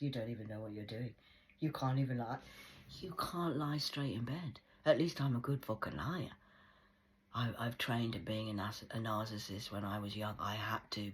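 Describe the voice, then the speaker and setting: Deep-voiced swearing woman in her forties. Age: 40s. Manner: blunt, heated, swears a lot. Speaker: vlogger. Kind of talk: angry casual monologue.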